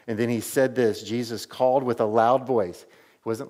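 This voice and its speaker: A man's voice: medium pitch, normal speed. A man preaching a sermon to his church as pastor, telling the story animatedly with many casual "like"s.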